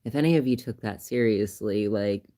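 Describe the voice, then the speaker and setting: A man hosting a casual livestream who chats loosely, laughs often and grows animated when he retells a story. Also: on the low side, normal speed. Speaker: livestream host.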